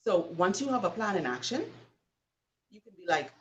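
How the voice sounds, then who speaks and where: A woman's voice: mid-range voice, sing-song, moderate pace, far from the mic, slight background noise, low-quality recording. A woman hosting a live show and giving an emphatic, preachy motivational talk full of rhetorical questions. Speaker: host.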